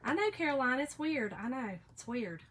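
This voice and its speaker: A woman's voice: high voice, lively intonation, normal speed, fairly bright tone, slight background noise. A woman, chatting casually as she hosts a live craft demo and answers viewer comments. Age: 40s. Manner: chatty, reads out viewer comments, laughs often. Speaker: craft live stream host.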